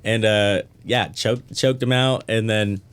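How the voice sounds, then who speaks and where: A man's voice: lowish voice, fairly even intonation, slow pace, fairly bright tone, smooth. Male podcast guest from North Texas, easygoing, foul-mouthed storyteller who acts out quotes. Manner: laid-back, swears freely, acts out quotes. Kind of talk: casual podcast chat.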